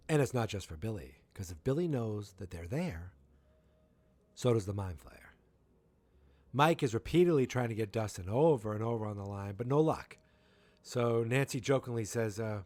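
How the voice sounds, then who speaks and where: A man in his forties hosting a podcast, casually recapping an episode with animated storytelling and quick quoted impressions. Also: fairly low pitch, soft background music. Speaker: podcast host.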